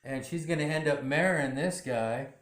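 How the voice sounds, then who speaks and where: A man's voice: on the high side, moderate pace, a bit bright. A man casually recapping a TV drama episode in a rambling way, full of "you know" fillers. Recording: roomy echo.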